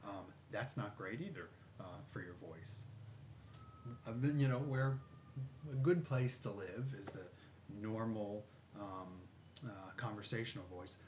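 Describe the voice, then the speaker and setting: A man working as a voice therapist, calmly explaining a session with many fillers. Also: lowish voice, a little slow. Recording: dull lo-fi with faint noise.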